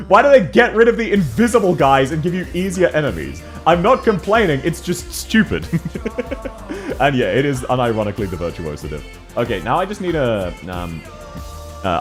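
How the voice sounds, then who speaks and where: Young man, game streamer, lively swinging pitch, laughs a lot, faint music behind. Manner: giggly, chatty, greeting chat viewers by name. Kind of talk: casual game-stream chat.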